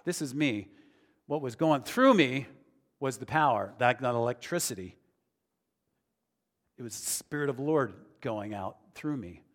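A man's voice: medium pitch, lively intonation, a little slow, long pauses. A man preaching a sermon in an earnest, conversational way that builds to emphatic declarations. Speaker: pastor. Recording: long reverb of a large hall.

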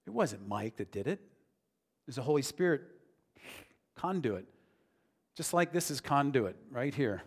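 A man's voice: mid-range voice, big pitch swings, measured pace, long pauses, slightly rough. A man preaching a sermon in an earnest, conversational way that builds to emphatic declarations. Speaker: pastor. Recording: long reverb of a large hall.

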